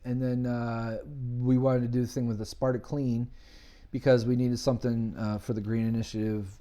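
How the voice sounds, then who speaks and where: Male podcast guest, animated storyteller, mid-pitched, casual chat. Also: normal speed. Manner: animated storyteller, acts out quoted voices. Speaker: podcast guest, business owner.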